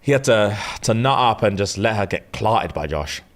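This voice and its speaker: A man, co-hosting a podcast and telling a story in casual chat, slangy and acting out everyone's lines. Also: normal speed. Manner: animated, slangy, acts out quotes with big pitch jumps. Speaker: podcast co-host.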